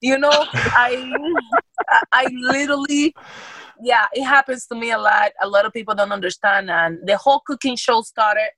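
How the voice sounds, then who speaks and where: Blunt, profane woman talking fast. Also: on the high side, bright, forceful tone, no echo, low-quality recording. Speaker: guest, adult film performer. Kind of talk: casual podcast chat.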